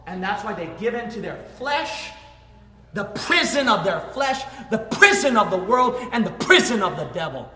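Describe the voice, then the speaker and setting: A man's voice: sing-song, moderate pace. Fervent male preacher in an echoey hall. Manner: fervent, emphatic preaching that swings from low talk to shouting. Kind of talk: sermon. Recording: echoey hall with long reverb.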